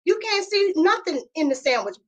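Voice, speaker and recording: High-voiced emphatic woman storyteller. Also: big pitch swings, normal speed. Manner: emphatic, indignant storytelling with lots of repetition. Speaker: podcast co-host. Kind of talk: casual chat, storytelling.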